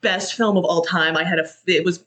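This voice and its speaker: A podcast guest excitedly recapping a movie in casual chat, acting out the characters' lines with sudden loud jumps in pitch. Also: fairly quick. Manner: excitable, acts out quotes with big pitch jumps.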